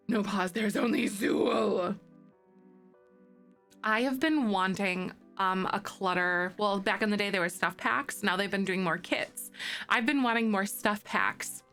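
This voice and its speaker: A young woman streaming live, chatting casually with her viewers, greeting them by name and squealing when something excites her. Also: medium pitch, slow pace, pauses often, faint music behind. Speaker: Twitch streamer. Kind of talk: casual live-stream chat while playing a game.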